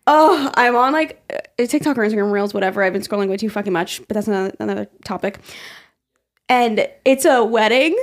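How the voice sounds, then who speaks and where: A woman's voice: mid-range voice, brisk. A young woman co-hosting a podcast, chatting casually with lots of laughter and filler words. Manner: chatty, laughs often, says "like" a lot. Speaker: podcast co-host. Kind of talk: casual chat.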